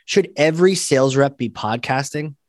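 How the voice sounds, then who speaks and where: A man's voice: medium pitch, moderate pace, dry recording, studio quality. A man hosting a podcast, asking eager, informal questions. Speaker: podcast host. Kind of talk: casual podcast conversation.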